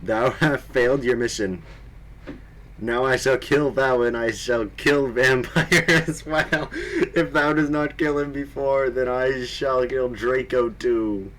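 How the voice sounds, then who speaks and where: A man voicing a menacing male dark lord who threatens in a raspy, pompous, mock-archaic way. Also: mid-range voice, slow pace, slight background noise, low-quality recording.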